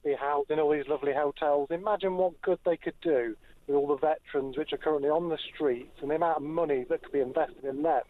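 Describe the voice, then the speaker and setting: A man's voice: on the high side, steady tone, quick pace. A man calling in to a radio phone-in, earnestly complaining. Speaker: radio caller. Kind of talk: phone-in call. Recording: dry tinny phone line.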